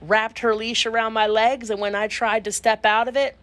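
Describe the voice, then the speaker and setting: A woman telling a funny personal story in an animated, self-mocking way, with punchy comic timing. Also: a little high, moderate pace.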